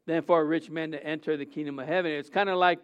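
A man with a high, smooth, resonant voice preaches an informal sermon. He keeps asking rhetorical questions and stumbles through fillers and restarts, and the recording sounds a little dull and muffled. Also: fairly even intonation, quick pace.

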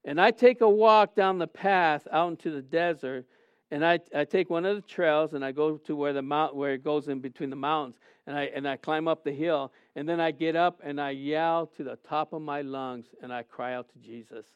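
A middle-aged man delivers a sermon as a pastor in a high, smooth voice. He swings between hushed and loud passages and restarts his sentences often. The recording is dry and slightly dull. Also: normal speed, no room sound. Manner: earnest, swings from soft to loud, many restarts.

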